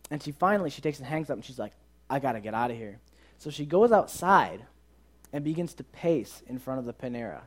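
A man's voice: a little high, fairly quick. A young man leading a youth ministry, telling a story in a sermon and acting out the voices of the people in it. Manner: animated, acts out quoted dialogue in the story.

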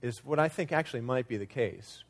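A man's voice: medium pitch, a little fast. A man preaching a sermon in a conversational way, sometimes acting out quoted lines with changing emphasis. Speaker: pastor.

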